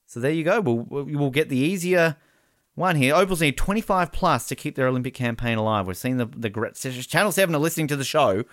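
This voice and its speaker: A man hosting a casual sports podcast, with jokey, excitable live commentary. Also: fairly high pitch, fairly quick, dry recording, clean studio sound. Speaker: podcast host.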